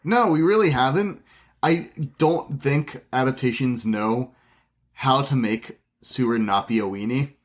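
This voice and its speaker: A man's voice: mid-range voice, measured pace. A man co-hosting a casual film review podcast, making dry joking asides. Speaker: podcast co-host.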